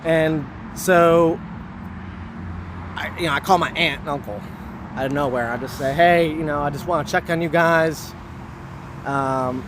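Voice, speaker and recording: A man telling a personal story to camera outdoors, rambling and earnest, filling every pause with "you know" and "like" and hurrying to finish. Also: a little high, noisy background. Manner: hurried, wanting to finish quickly. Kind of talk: casual spoken recollection.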